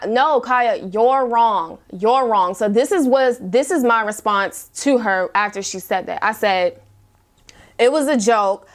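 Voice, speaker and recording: A woman's voice: medium pitch, clear, resonant tone. A young woman vlogger telling a story in a casual, exasperated, emphatic way and reading her messages aloud. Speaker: YouTube vlogger.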